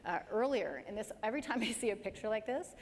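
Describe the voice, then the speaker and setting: A woman giving a live career presentation to an audience, lively and emphatic, speeding up and slowing down to demonstrate points. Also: a little high. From Canada. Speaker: presenter at a dental career talk. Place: large hall with an audience. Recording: hall reverb, faint background noise.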